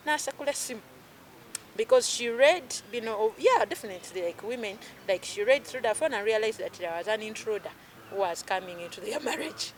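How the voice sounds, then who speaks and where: A woman in her thirties with a Ugandan accent, an emotional healing coach in casual chat, talking in an animated way and mixing in Luganda phrases. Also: medium pitch, brisk.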